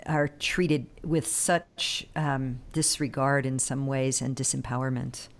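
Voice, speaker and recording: A woman hosting an interview, gentle and affirming as she asks questions. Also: extremely low pitch, fairly even intonation, takes it slowly. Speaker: host.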